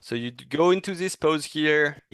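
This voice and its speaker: A man giving a casual, encouraging animation critique in a thoughtful, halting way. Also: on the high side, a bit bright, clean tone, no echo. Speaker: animation reviewer.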